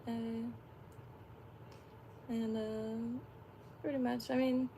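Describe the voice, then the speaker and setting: A woman's voice: a little high, little pitch movement, drawn-out words, creaky, mellow, slight background noise. A woman from Florida chatting on a livestream, rambling with lots of fillers and frequent laughs. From Florida, USA. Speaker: fishing livestreamer. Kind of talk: casual livestream chat.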